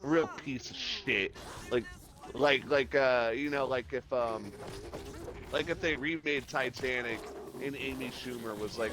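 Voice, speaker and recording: A man's voice: mid-range voice, steady tone, a little slow, noisy background. A man chatting casually while streaming a game, rambling and joking with lots of swearing. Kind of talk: casual gaming chat.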